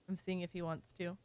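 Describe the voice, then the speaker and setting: A woman's smooth voice sits on the low side with a darkish tone. As a game streamer, she chats casually during play, being playful and teasing and laughing at her own expense.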